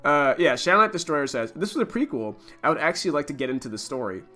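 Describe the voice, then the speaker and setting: A man's voice: a little high, fast, soft background music. A man hosting a casual stream, reading silly forum comments aloud with mocking laughs. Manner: laughs a lot, mocking and animated. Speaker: stream host.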